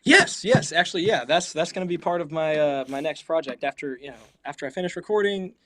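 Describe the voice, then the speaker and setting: A man's voice: fairly high pitch, sing-song, a bit bright. A young man, a musician guest, chatting casually and laughing often. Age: young adult. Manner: eager, quick, laughs often. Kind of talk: casual chat.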